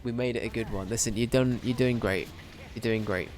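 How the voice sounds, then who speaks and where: A man's voice: on the low side, steady tone, brisk, darkish tone, slight background noise. A young man chatting casually on a game stream, rambling and swearing as he jokes with chat. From Britain.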